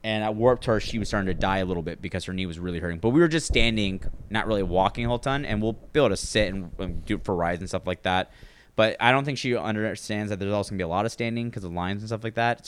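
A man's voice: lowish voice, fast talker, clear, resonant tone. Young man in chatty storytelling mode. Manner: animated storyteller, lots of filler likes. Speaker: bartender. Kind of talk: casual chat.

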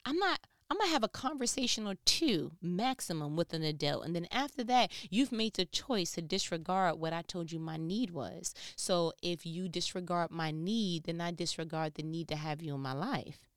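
Animated woman talking into her phone. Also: on the low side, normal speed, hardly any pauses, no echo, clean studio sound. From New York. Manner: animated storytelling, swings from loud to hushed. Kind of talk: casual motivational talk to a phone.

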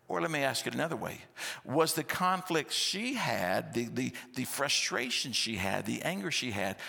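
A man, preaching a sermon in a lively, conversational storytelling style with rhetorical questions, in a church sanctuary. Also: mid-range voice, creaky, breathy edge. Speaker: pastor. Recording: long church-hall reverb.

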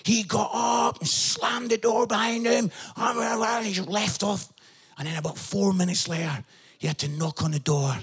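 With a high, breathy-edged voice and a measured pace, a middle-aged man preaches as pastor, recounting family stories. He punctuates them with animated shouted bursts and keeps asking "yeah?"

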